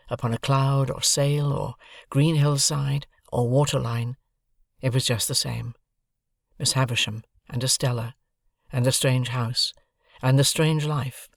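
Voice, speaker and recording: A man narrating a classic novel as an audiobook, reading in a measured, deliberate way. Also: mid-range voice, creaky, no echo, clean studio sound. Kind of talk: scripted narration.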